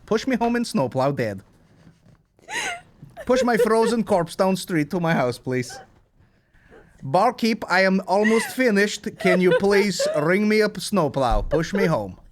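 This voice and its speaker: A man's voice: high voice, sing-song, a little slow, slight background noise, pitched above the performer's own voice. A man putting on a vodka-fueled Russian robot voice. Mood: deadpan. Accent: put-on Russian. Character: boozy Russian man, stiff robotic broken English.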